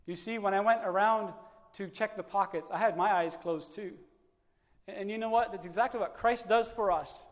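A man delivering a church sermon in a notably high voice, with a long reverb trailing each phrase in the hall. He repeats words as he gathers his thoughts, then rises into impassioned, fervent stretches. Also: fairly quick. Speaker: preacher.

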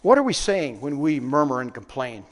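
A man's voice: mid-range voice, sing-song, normal speed. A man preaching a sermon, often asking the congregation questions and answering them. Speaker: pastor. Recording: long reverb of a large hall.

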